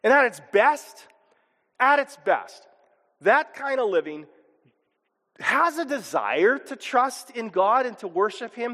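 A male pastor preaches with a high, lively voice that rises and dips as he talks. He acts out little voices and chuckles along the way. His words ring with the long reverb of a large auditorium. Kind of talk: sermon.

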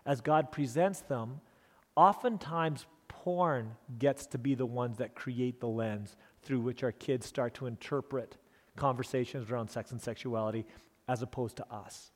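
A man's voice: mid-range voice, unhurried. A middle-aged male pastor giving a storytelling sermon, earnest and self-deprecating, with frequent restarts. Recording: long hall reverb.

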